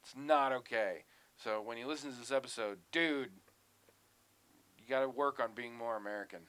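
A man chatting on a podcast with a bright, forceful voice. He rants in an animated, profane way and swings into mock outrage as he tells a story. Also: mid-range voice, a little fast, clean tone. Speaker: podcast co-host. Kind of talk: casual chat.

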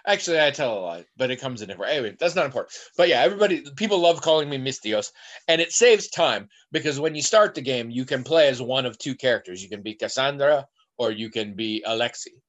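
Lively rambling male podcast host. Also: medium pitch, quick pace. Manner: rambling, digressive storyteller. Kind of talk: casual podcast chat.

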